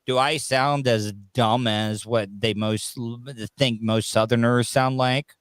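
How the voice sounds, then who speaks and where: Rambling Southern host, dry sound. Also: male voice, mid-range voice, fairly even intonation, slow pace, smooth, dry recording. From Florida, US South. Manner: rambling, restarts often, swears casually. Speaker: podcast host. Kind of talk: casual interview chat.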